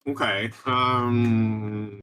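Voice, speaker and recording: A man's voice: mid-range voice, fairly even intonation, extremely slow, sharp tone, smooth. A man running a tabletop game as game master, rambling and laid-back with many fillers.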